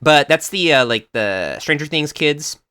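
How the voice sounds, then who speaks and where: A man hosting a casual card-game podcast, talking in an animated way and laughing often. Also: fairly high pitch, measured pace, clear, resonant tone. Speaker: podcast host.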